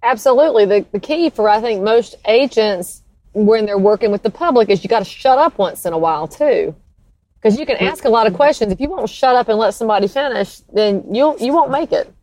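A woman's voice: fairly high pitch, expressive, brisk, a little mellow. A woman hosting a casual interview, chatting and asking follow-up questions. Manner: conversational, asks follow-up questions. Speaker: interview host.

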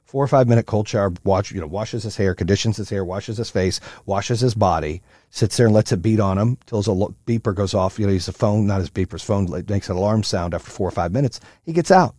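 A middle-aged man hosting a podcast, telling a story in a profane, animated monologue full of motivational talk. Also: on the low side, quick pace, dry recording, studio quality. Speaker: podcast host.

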